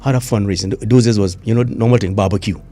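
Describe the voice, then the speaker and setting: Emotional older Trinidadian man, dark voice. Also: lowish voice, quick pace, slight background noise. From Trinidad and Tobago. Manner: emotional, repeats himself, local slang. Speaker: retired police inspector, guest. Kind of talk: emotional interview recollection.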